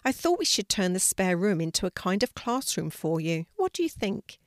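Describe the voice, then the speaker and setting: An older woman reading a storybook, voicing a kind, calm mother who speaks gently. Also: medium pitch, moderate pace, no room sound, studio quality.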